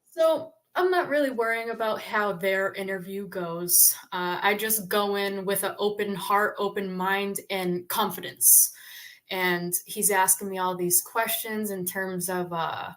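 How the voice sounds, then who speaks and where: A woman's voice: medium pitch, a little slow. Chatty young woman telling a story. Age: 20s. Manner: animated storyteller, chatty with frequent fillers. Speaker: podcast guest, tradeswoman. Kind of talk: casual interview storytelling.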